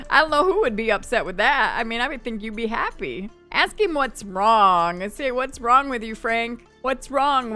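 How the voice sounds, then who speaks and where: A woman talks through a life-sim game in easy, chatty commentary, now and then tossing off her characters' thoughts. Her voice sits a little high and sounds bright and clean, with faint game music underneath. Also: clean tone. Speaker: gaming channel host. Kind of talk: casual gameplay commentary.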